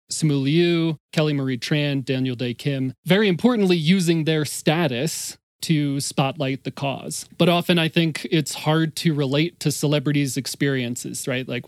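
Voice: medium pitch, dry recording, studio quality. A friendly, playful interview host who asks questions and brings in pop culture references. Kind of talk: conversational interview.

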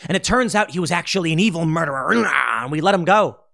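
A man delivering a political commentary monologue with a slightly raised pitch. He argues bluntly and casually, now and then slipping into mocking voices to make his point. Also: animated, fast, gravelly, bright, forceful tone. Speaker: host.

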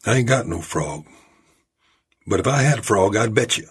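A man voicing a shrewd stranger in a mining camp, speaking slowly and very deliberately. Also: on the low side, lively intonation, husky. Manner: slow and very deliberate.

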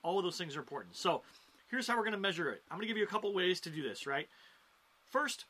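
A man hosting a talk show on stand-up comedy. His voice is bright and a little high for a man. He is animated and jumps in pitch and loudness to stress his points. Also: quick pace. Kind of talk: casual talk to camera.

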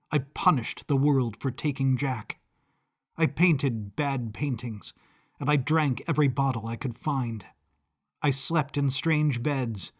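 A man's voice: medium pitch, breathy edge. A man narrating an audio drama in the first person, brooding and confessional.

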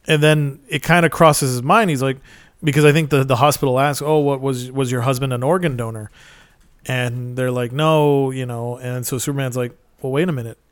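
A man's voice: mid-range voice, steady tone, normal speed, clear, resonant tone, dry recording. Chatty man, dry close sound. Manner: rambling, enthusiastic storytelling with many fillers. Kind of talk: casual chat.

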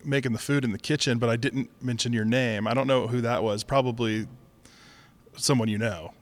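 A man's voice: mid-range voice, fairly even intonation, fairly quick. A man co-hosting a podcast in casual chat, easygoing and laughing often. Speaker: podcast co-host.

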